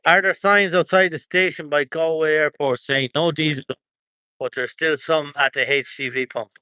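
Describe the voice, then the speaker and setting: A man's voice: on the high side, steady tone, normal speed, pushed and bright, clean tone, no echo. An Irish man chatting casually on a livestream from an outdoor protest, reading out viewer comments, rambling and chuckling often.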